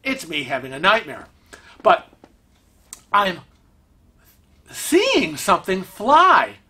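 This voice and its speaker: A man with a bright, forward voice tells a story in his family room at home. He talks casually and with lots of energy, laughing now and then as he goes. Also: high-pitched, slow pace, husky. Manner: animated, chatty, laughs through the story. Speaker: vlog host.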